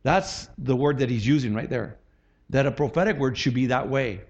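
A man's voice: mid-range voice, normal speed, lo-fi sound. A middle-aged male pastor preaching a sermon in a conversational way, often asking the congregation "right?" and acting out quotes.

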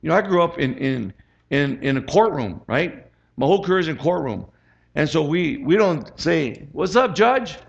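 A gravelly, slightly high-voiced middle-aged man preaching as a pastor, talking to the congregation like a chat and calling for amens. The recording sounds dull and lo-fi. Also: expressive, moderate pace. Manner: chatty, asks the congregation for amens. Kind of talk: conversational sermon.

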